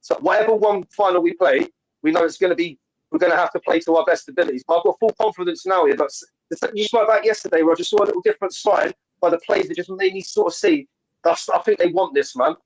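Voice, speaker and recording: A man's voice: high voice, expressive, fast talker, low-quality recording. A man calling in to a fan show over a video call, talking passionately about football in a casual way with many restarts. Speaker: caller.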